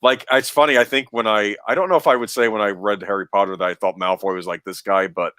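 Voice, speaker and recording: A man with a low voice chats casually while rewatching a film, wandering between thoughts and laughing often. The sound is dry and close, with no room around it. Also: fairly even intonation, fast talker, pushed and bright, no room sound. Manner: rambling, laughs often, many restarts. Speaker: podcast co-host.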